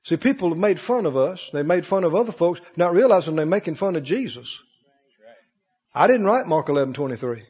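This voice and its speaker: Preacher with a lively, soaring voice. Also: male voice, brisk, husky. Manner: preacherly call-and-response, swinging from loud high cries to low murmurs. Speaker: pastor. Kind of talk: sermon. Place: large church hall. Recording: muffled recording with long hall reverb.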